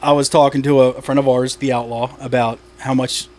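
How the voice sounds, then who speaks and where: A man's voice: medium pitch, little pitch movement, fairly quick, a little mellow. A man, a stand-up comic from Delaware, chatting on a podcast in a rambling way, laughing at his own jokes and swearing casually.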